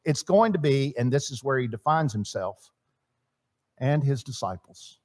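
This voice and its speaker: A man teaching a church marriage seminar in a sermon style, swinging between loud emphasis and quiet asides and asking his audience questions. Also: medium pitch, animated, unhurried. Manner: chatty, asks the audience questions. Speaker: seminar speaker. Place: church hall.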